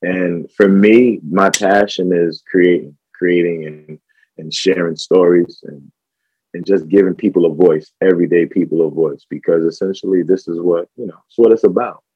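A man's voice: low voice, fairly even intonation, normal speed, slightly rough, no room sound, muffled recording. A man talking as a podcast guest about his filmmaking, reflective and full of fillers and restarts. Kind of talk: casual conversation.

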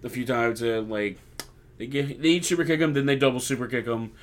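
A young man talks through a wrestling recap in a loose, chatty podcast style, slipping into little acted-out voices whenever he quotes someone. His voice sits at an ordinary middle pitch. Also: a little fast. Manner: chatty, acts out quoted lines. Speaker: podcast host. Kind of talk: casual wrestling recap chat.

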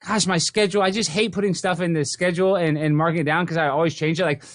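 A man's voice: fairly high pitch, steady tone, quick pace, no room sound, clean studio sound. A man hosting a podcast in casual chat, rambling with many restarts and fillers over a video call. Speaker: podcast host.

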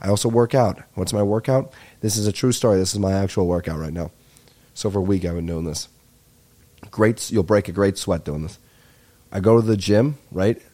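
A young man rants through a comedy podcast monologue, rambling, excitable and freely profane. His voice sits on the low side and has a mellow, relaxed tone. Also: normal speed. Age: 20s. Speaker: podcast host.

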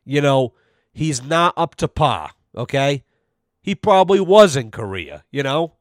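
On his podcast, a man rants through a long, rambling story full of profanity, voicing each person he quotes. His mid-range voice is very animated but a little slow, recorded at studio quality with no room sound.

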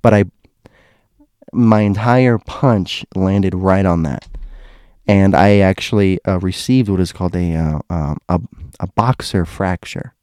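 A man's voice: low-pitched, a little slow, darkish tone, clean tone, no echo, clean studio sound. A young man casually telling a personal story, rambling with restarts and asides.

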